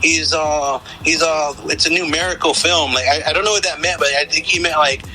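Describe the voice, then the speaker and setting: A man's voice: fairly high pitch, fairly even intonation, a little fast, pushed and bright, soft background music, rough recording. A young man co-hosting a podcast, rambling casually about a film, swearing and saying "dude" often. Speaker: podcast co-host.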